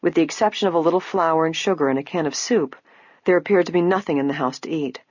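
A woman narrating a book in a measured, even way, her voice husky and mid-pitched. The recording is dry and close, with a dull, lo-fi sound. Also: no echo. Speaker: audiobook narrator. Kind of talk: scripted narration.

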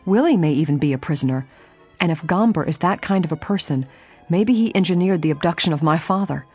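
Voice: mid-range voice, animated, fairly quick, darkish tone, breathy edge, soft background music. A reader voicing a determined young woman amateur detective, earnest and urgent, in an audiobook.

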